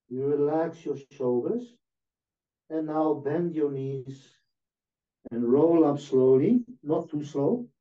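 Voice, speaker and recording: A man calmly talking someone through a relaxation and stretching exercise, step by step. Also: fairly high pitch. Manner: calm, slow step-by-step instructions. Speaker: movement teacher. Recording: dull lo-fi sound.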